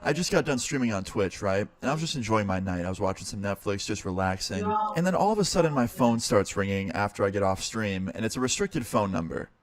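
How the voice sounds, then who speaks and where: A man's voice: on the low side, lively intonation, fast talker, few pauses, no echo. A young man, a streamer, casually telling a story and swearing now and then. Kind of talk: storytime narration.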